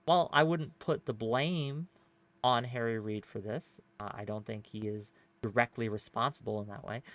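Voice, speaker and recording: In a dry recording, a man with a mid-range voice sounds pushed and bright. He hosts and sits on a debate panel, arguing at length in a casual style full of fillers, restarts and rhetorical "right?" tags.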